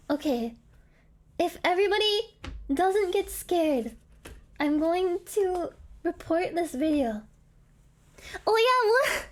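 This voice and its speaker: Very high-pitched, slow giggly woman streamer. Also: sing-song, slight background noise. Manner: giggly, rambling, apologetic. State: hiccuping. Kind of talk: casual live stream chat.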